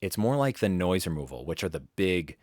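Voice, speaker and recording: A man's voice: low-pitched, very animated, fairly quick, darkish tone, no echo. A man coaching voice actors in a live webinar from his home studio, talking casually and rambling, often restarting his sentences. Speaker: voice-over coach.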